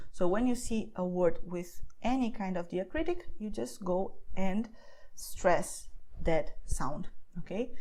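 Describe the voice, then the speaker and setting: A woman's voice: medium pitch, darkish tone, rough recording. Brazilian-accented woman teaching a language lesson. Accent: Brazilian Portuguese. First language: Portuguese. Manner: explains patiently, often checks in with a questioning "okay?".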